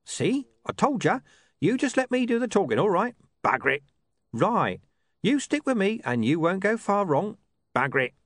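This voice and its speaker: A scruffy little grey street dog that talks, gruff and bossy, pitched well up, as a man puts it on. It speaks in a lively, bouncing voice, recorded dry and close for a storybook reading. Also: normal speed, no echo.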